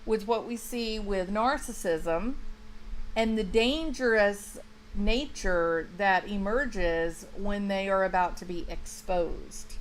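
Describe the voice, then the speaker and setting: A woman talks through a true crime livestream at an unhurried, drawn-out pace, leaning hard on her points and stumbling into restarts. Her voice sits mid-range, with a faint hiss of room noise behind it. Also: mid-range voice, rough recording. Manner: chatty, emphatic, restarts often, talks to viewers by name. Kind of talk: casual livestream commentary, reading chat.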